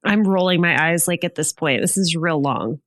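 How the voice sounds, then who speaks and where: A woman's voice: fairly low pitch, normal speed, dry recording, studio quality. A woman co-hosting a marriage therapy show in playful casual chat, teasing her co-host and laughing easily.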